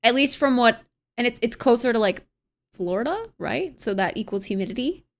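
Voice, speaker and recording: A woman's voice: on the high side, lively intonation, moderate pace. Chatty young American woman streamer. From United States. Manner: chatty, reads chat aloud and muses with frequent laughs. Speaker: livestreamer. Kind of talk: casual stream chat.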